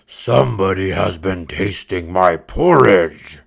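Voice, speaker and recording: A man voicing a huge father bear with a rough, gruff, loud voice in a storybook read-aloud. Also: lively intonation, takes it slowly, full character voice. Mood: gruff indignant. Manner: loud, booming.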